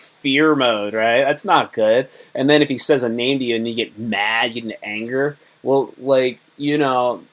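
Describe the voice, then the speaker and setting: A man's voice: medium pitch, fairly bright tone. A man hosting a casual livestream talk, rambling and repetitive, often acting out little dialogues. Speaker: host. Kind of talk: casual livestream monologue on self-improvement.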